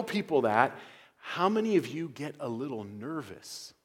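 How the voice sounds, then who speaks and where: A male pastor preaching a sermon in a church, moving from quiet, low passages to loud, emphatic ones. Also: very animated, unhurried. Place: church sanctuary.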